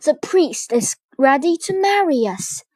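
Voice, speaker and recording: A woman's voice: sits high, very animated, measured pace, a little mellow, no echo, pitched above the performer's own voice. A woman voicing a determined, loving noble lady. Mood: soft. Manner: commanding yet tender.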